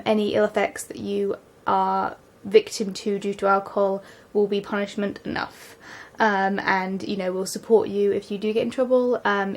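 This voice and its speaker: A young woman with an English accent talks straight to camera in a loose, rambling vlog. She fills her sentences with ums and often rushes ahead in quick bursts. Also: medium pitch. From England. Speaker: vlogger. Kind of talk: casual vlog monologue. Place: home, just out of the shower.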